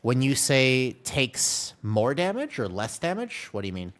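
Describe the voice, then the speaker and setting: His pitch swoops wildly around a medium range, yet he never rushes, as this tank-playing streamer chats through live gameplay. He explains his moves, reads the chat, and sneezes from allergies.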